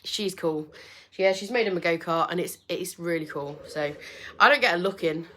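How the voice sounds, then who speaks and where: A woman chatting on a casual livestream from home, her voice bright and forward. She rambles in a friendly, self-deprecating way and fills her pauses with ums. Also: on the low side, slight background noise. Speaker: furniture painter and livestream host. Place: home with doors open.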